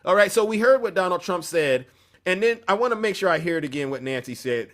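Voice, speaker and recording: A man's voice: high-pitched, expressive, fast, fairly bright tone. A man hosting an opinion commentary show, talking emphatically in a preachy tone and often breaking off mid-sentence. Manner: emphatic, preachy, self-interrupting.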